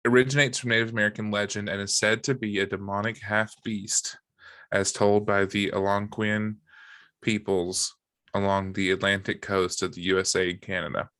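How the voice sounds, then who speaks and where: Low-voiced man hosting casually. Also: normal speed, no room sound. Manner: relaxed, joking, many fillers. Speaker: podcast co-host. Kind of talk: casual chat, reading from a wiki.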